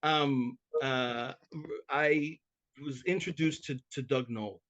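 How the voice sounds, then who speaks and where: A man's voice: mid-range voice, slow pace, highs cut off. A man who works as a mediator, chatting as a podcast guest and telling stories eagerly, often restarting and repeating words as he goes. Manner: self-described talker, animated and chatty. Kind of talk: conversational interview storytelling.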